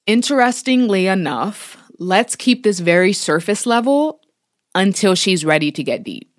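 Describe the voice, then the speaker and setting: A woman's voice: mid-range voice, lively intonation, a little slow. A young woman co-hosting a podcast, talking in casual chat with a blunt, frank, slangy manner. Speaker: podcast co-host.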